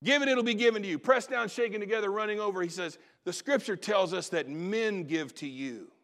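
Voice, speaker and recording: His voice sitting high and moving a little fast, a middle-aged pastor shares a personal story in his sermon. He gets animated, then slips into quiet asides.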